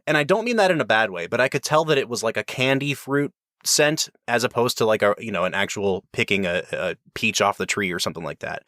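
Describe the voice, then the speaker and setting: A man hosts a casual podcast, explaining at length with easy enthusiasm. His voice is mid-pitched. It sounds close and dry, with no room around it. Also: a bit bright, no echo. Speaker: podcast host.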